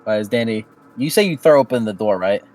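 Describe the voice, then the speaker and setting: A man's voice: on the low side, lively intonation, fast talker, a little mellow, soft background music, poor audio. Hesitant man running a tabletop game. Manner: hesitant, many fillers and restarts. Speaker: game master.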